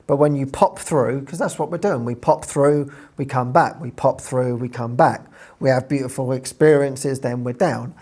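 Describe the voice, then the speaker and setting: A woman retelling a spiritual story in a casual, earnest way, rising into excited bursts as she quotes herself. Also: sits low, slightly rough. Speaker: spiritual teacher.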